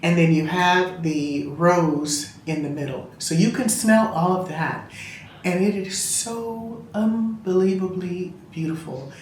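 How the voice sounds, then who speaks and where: A woman's voice: on the low side, slow, darkish tone, slight background noise. Gushing woman in a roomy room. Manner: gushing, chatty storyteller. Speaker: fragrance reviewer. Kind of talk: casual review chat. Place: room at home.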